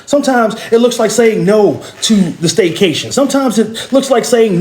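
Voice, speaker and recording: A man's voice: high-pitched, big pitch swings, normal speed, a little mellow, roomy sound. A man giving a motivational talk, speaking bluntly and emphatically to his listeners, repeating phrases and restarting with stammers. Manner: addresses listeners directly and bluntly.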